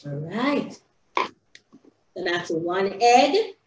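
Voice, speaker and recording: A woman teaching young children in a sing-song, excitable way, recorded indoors. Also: medium pitch, very slow, background noise. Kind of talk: animated lesson for young children. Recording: roomy, slightly dull home video.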